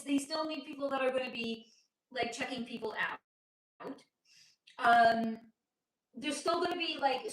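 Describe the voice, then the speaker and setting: American woman, livestream host, high and bright, rambling and swearing, roomy sound. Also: a little hiss or hum. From United States. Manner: animated, swearing, rambling asides. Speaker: psychic reader on a livestream. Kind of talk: casual livestream chat.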